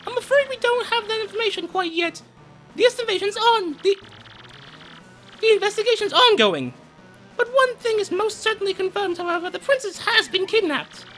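A very shrill, high old witch servant, done by a man who fawns over her master with prim, overly proper politeness. Faint game music plays underneath. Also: animated, a little fast, pushed and bright, exaggerated voice, rough recording. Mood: alarmed.

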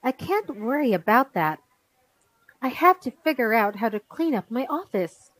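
A woman voicing a calm, busy mother in a storybook reading. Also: on the high side, normal speed, dry recording, poor audio. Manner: calm, relaxed.

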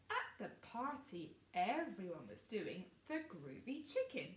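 A woman reading a picture book aloud to children, gently asking them questions along the way. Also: mid-range voice, sing-song, unhurried, hardly any pauses. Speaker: storybook reader. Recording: roomy, distant mic, faint noise.

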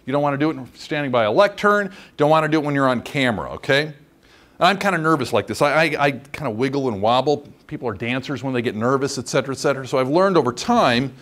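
A man teaching a training course lecture, chatty and demonstrative, often checking in with the class by asking "okay?". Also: mid-range voice. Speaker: instructor.

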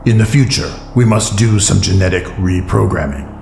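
A man's voice: low-pitched, moderate pace, creaky, a little mellow, a little hiss or hum. A man voicing a cold, ruthless male demonic sorcerer who gives commanding, clipped orders. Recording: roomy echo, faint music bed.

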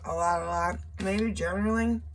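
A woman's voice: on the low side, moderate pace, a little hiss or hum. A woman giving a casual tarot reading, chatty and loose, with profane asides. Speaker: tarot reader.

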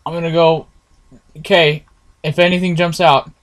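A man's voice: on the high side, level tone, normal speed. A man giving nervous, jumpy commentary while playing a horror game, talking to his viewers and swearing often. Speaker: gameplay streamer.

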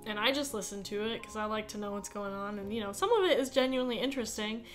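A woman's voice: mid-range voice, fast talker, soft background music. Chatty, giggly young American woman. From United States. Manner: chatty, giggly, hesitant with lots of fillers. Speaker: podcast co-host. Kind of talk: casual chat.

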